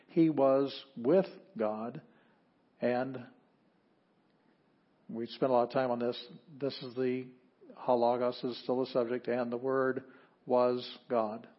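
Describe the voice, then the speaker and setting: A man teaching an introductory Greek class, explaining grammar and sounding out words one at a time. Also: mid-range voice. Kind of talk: classroom lecture. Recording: dull lo-fi audio.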